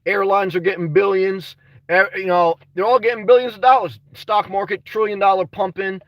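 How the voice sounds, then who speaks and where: Casual livestreamer, male, high-pitched, rambling and frustrated, dry sound from a distance from the mic. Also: fairly even intonation, normal speed, no echo. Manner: rambling, frustrated, full of "man" and restarts. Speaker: vlogger reading live chat.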